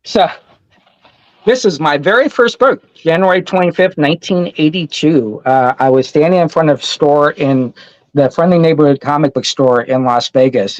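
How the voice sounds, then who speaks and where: A man in his fifties, a comic store owner guest, telling a story in an animated, excited way over a call. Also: fairly high pitch, normal speed, no room sound, muffled recording. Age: 50s. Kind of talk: casual storytelling.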